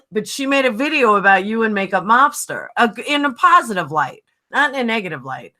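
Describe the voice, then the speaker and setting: A woman's voice: on the high side, big pitch swings, moderate pace, sharp tone. A woman with a New York accent hosting a livestream chat, telling heated stories bluntly and swearing freely. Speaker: livestream host.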